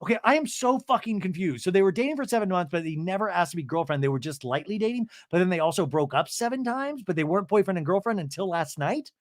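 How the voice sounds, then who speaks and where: A man hosting a podcast, recapping a reality show in an animated, sarcastic way and swearing freely. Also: high voice, fast, hardly any pauses, dry recording, clean studio sound. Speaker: podcast host.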